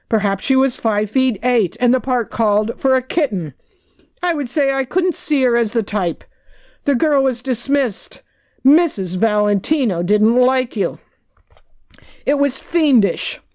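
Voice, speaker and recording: A woman reads as a wry, candid woman looking back on hard years with rueful frankness. The voice sits a little high for a woman. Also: darkish tone, lightly acted.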